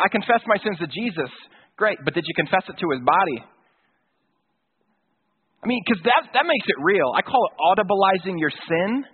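A man's voice: high voice, slightly rough. A man preaching a sermon in a casual, conversational way, with slang and acted-out quotes. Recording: tinny phone-like sound.

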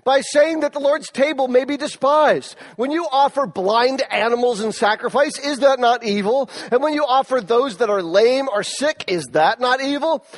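A middle-aged male pastor preaching a sermon, telling stories in an animated way and rising in force for emphasis. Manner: animated storytelling, rises in pitch and force for emphasis.

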